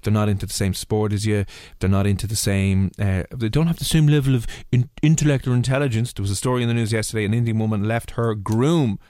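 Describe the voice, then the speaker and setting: A man's voice: on the low side, fairly even intonation, fast talker, hardly any pauses, warm tone, clean tone, dry recording, studio quality. Teasing male radio host. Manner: teasing, jokey, puts on silly voices. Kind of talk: casual radio banter.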